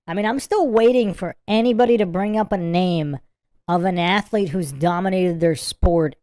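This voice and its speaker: A woman with a fairly low, warm voice talks at normal speed in a recording with no room sound. Hosting a casual livestream, she gives rambling, repetitive reaction commentary on a sports clip, giggling and breaking into laughter again and again.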